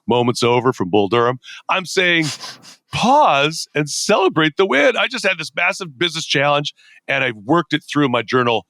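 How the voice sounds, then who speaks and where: A man's voice: fairly high pitch, very animated, normal speed, bright, forceful tone, dry recording. A middle-aged man, a podcast guest, telling stories energetically and acting out his own inner dialogue in a conversational interview.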